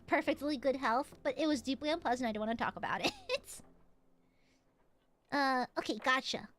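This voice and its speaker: Playful high-voiced woman streamer. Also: normal speed, a bit bright. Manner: playful, crude, laughs often. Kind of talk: casual game streaming chat.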